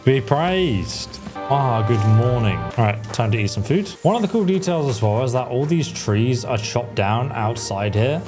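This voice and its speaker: A man giving relaxed gameplay commentary with joking asides. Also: mid-range voice, unhurried. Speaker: gameplay streamer. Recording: game music playing underneath.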